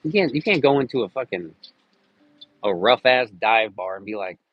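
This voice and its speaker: A man's voice: medium pitch, lively intonation, moderate pace, lo-fi sound. A man chatting casually on a live stream, rambling and joking with lots of cursing. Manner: crude, rambling, jokey with frequent cursing.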